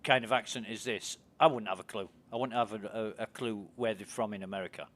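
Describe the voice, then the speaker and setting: A man's voice: fairly low pitch, fairly even intonation, brisk, a bit bright. A British man chatting casually while streaming a game, curious and full of questions for his friends. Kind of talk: casual chat while gaming.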